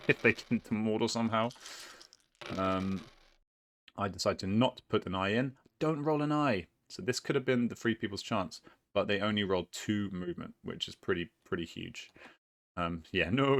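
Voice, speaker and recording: A man's voice: deep voice, a bit bright. A man casually commentating his own board game match, rambling and hesitant, often laughing at himself.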